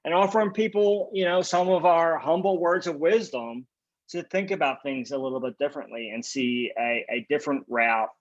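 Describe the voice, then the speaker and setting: A man's voice: a little high, moderate pace, lo-fi sound. A man speaking as a guest in a casual interview, emphatic and confident, talking like a self-described contrarian. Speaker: guest, design agency founder.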